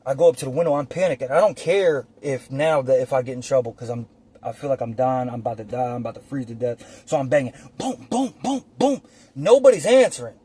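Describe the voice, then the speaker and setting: A man telling a personal story casually, outdoors on his phone, animated and profane, acting out the scenes as he goes. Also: medium pitch, fast, slightly rough, dry recording. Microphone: phone or camera.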